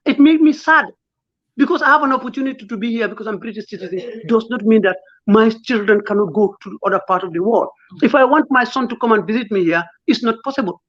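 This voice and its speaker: A man's voice: high-pitched, fairly bright tone. A man, a lawyer speaking as an interview guest, emotional and pleading, firing off rhetorical questions. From Gambia. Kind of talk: impassioned interview talk. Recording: dull lo-fi sound.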